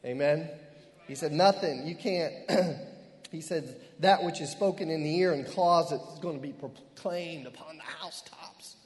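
A middle-aged man preaching a fervent sermon as pastor, sprinkling in amens and hallelujahs and slowing down hard on key phrases. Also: a little high. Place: church. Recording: long reverb of a church hall.

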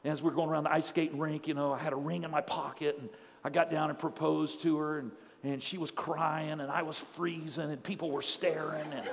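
A middle-aged man pastor preaching a sermon in a church, telling stories with animated energy and building to shouts. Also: high voice, gravelly, big-room sound. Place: church sanctuary.

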